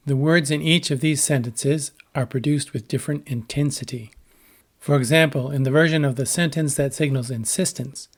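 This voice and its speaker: A man giving a scripted educational narration about language, speaking in a measured, explanatory way and voicing short example sentences. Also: mid-range voice. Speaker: lecturer on translation.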